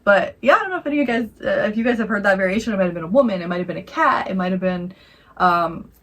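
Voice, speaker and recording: A woman co-hosting a podcast, telling a campfire scary story in a rambling, animated way and acting out the voices. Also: medium pitch, racing, rough recording. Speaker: podcast co-host. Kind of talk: casual storytelling chat.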